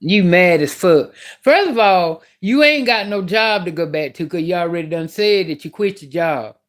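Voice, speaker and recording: A woman's voice: lowish voice, expressive, normal speed. A woman vlogger telling a story in a casual rant, blunt and profane as she vents.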